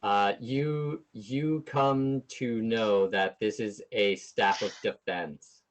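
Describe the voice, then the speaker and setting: A man's voice: fairly low pitch, slow pace. A man running a tabletop game as game master, talking in a hesitant, loose and profane way.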